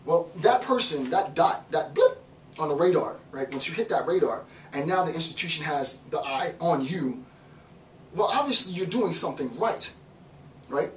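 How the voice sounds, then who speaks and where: A man giving an informal philosophy lecture, animated, repeating words and acting out little voices. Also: a little high, normal speed, a little hiss or hum. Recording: roomy echo, mic far off.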